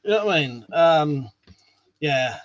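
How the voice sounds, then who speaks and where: A man's voice: on the high side, lively intonation, measured pace, no echo, lo-fi sound. A man hosting a casual live stream, chatting to viewers in a rambling way and swearing now and then. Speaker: live stream host reading chat.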